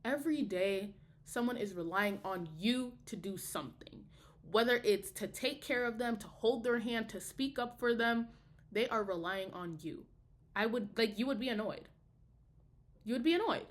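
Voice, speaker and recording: A woman's voice: on the high side, normal speed. Heated young woman ranting. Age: young adult. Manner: heated, profane, emphatic ranting. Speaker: college student video diarist. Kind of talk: casual video diary.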